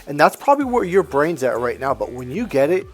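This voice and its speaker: A man's voice: fairly high pitch, very animated, brisk, faint music behind. A middle-aged man talking bluntly and with profanity to camera as a self-help coach, acting out what family members said. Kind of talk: casual monologue to camera.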